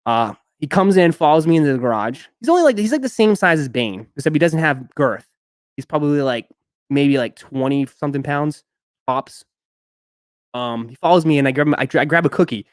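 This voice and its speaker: A man's voice: fairly high pitch, animated, brisk, dry recording. Rambling young man, dry close sound. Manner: rambling storyteller with many fillers. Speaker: sneaker live stream host. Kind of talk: casual live stream chat.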